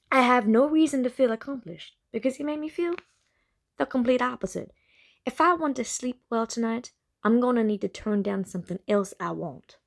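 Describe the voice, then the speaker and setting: A woman's voice: mid-range voice, creaky. A slightly tipsy woman in a put-on Southern American accent reads a first-person novel casually, with small stumbles and self-corrections. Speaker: amateur novel narrator.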